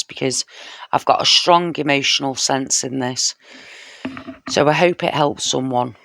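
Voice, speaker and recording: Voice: mid-range voice, gravelly, fairly bright tone, no room sound, studio quality. A tarot reader giving a casual spoken reading straight to the viewer, heartfelt and intimate, often checking in with "you know" and "yeah?".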